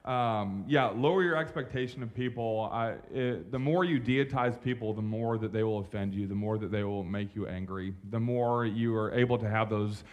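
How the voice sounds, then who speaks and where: A young adult man preaching a sermon from a church stage, in a casual, animated way with slang and asides to the congregation. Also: on the low side, normal speed, few pauses, dull audio. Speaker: pastor.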